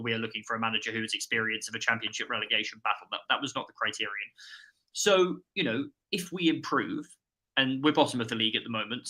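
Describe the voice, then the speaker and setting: A man on a live podcast panel lays out his argument at length in an articulate, analytical way. His voice has a very bright, forward tone. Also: mid-range voice. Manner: articulate, analytical, long reasoned points. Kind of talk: live-stream football analysis.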